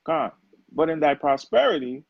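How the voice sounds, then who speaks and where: A man reading scripture verses aloud at a steady, measured pace. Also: on the high side, creaky, dry recording, dull audio. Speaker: scripture reader.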